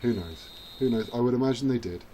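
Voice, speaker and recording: A man gives relaxed let's-play commentary over a rugby video game, his voice sitting at an ordinary middle pitch. He rambles cheerfully, pokes fun at himself and suddenly yells encouragement at the screen. A faint hum sits under his voice. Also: quick pace. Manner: chatty, self-mocking, cheering at the screen. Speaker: gaming channel host.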